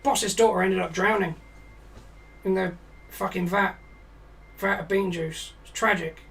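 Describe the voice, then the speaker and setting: A British man telling a crude, rambling comic story in a deadpan way, swearing often. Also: high-pitched, unhurried, gravelly, far from the mic, soft background music, rough recording.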